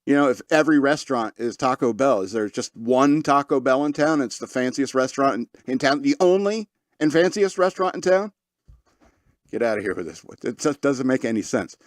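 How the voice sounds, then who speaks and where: A man's voice: medium pitch, expressive, brisk, no echo, studio quality. A man hosting a podcast, talking casually and rambling through his opinions with frequent restarts and chuckles. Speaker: podcast host.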